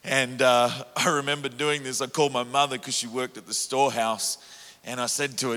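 A middle-aged evangelist tells stories from the pulpit, animated and self-mocking, often breaking into laughs. His voice is bright and forceful, in a mid register. Long reverb from a large hall trails his words. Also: medium pitch, brisk. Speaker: evangelist preacher. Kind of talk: storytelling sermon. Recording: echoey hall.

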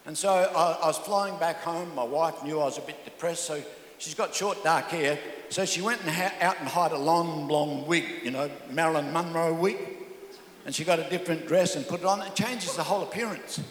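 A man's voice: on the high side, moderate pace. An older man preaching a humorous sermon as pastor, telling jokey stories with stammering restarts. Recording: echoey hall.

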